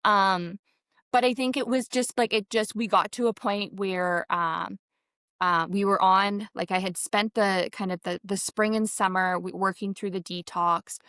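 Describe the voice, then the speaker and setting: A woman's voice: medium pitch, steady tone, a little slow, fairly bright tone, clean tone, no echo, clean studio sound. A woman guest telling her story in a rambling conversational way, full of fillers, and acting out what people said. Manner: rambling, many fillers, acts out quotes. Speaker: podcast guest. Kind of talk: conversational interview.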